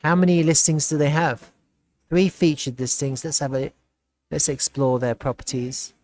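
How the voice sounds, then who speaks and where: A man hosting a live stream, chatting casually and reacting with excitement and frequent laughter as he browses. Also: on the high side, normal speed. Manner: excitable, laughs often, thinks aloud while browsing. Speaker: livestream host.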